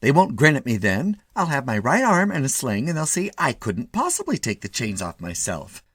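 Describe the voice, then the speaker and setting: A man voicing a meek middle-aged daydreamer who speaks in a low, cool voice. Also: wildly swooping pitch, normal speed, husky, dry recording, studio quality, full character voice. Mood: brooding.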